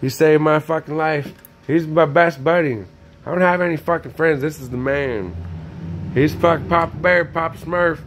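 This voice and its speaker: A man's voice: on the high side, moderate pace, slight background noise. A man ranting in a manic, profane, rambling monologue, filmed on a phone in a room. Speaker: vlogger. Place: indoors, room with a TV.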